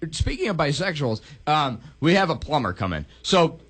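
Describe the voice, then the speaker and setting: A man with a lively, swooping voice retells a movie plot on a casual podcast. He jokes, swears freely and slips into the characters' lines as he goes. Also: on the high side, moderate pace. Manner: animated, acts out characters' lines; profane, joking. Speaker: podcast co-host. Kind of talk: casual chat recapping a movie.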